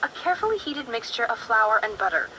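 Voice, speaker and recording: A woman's voice: a little high, sing-song, brisk, sharp tone, a little hiss or hum, rough recording. A woman voicing a chatty young female friend who loves to cook, in a video game, speaking in a bubbly, fussy way.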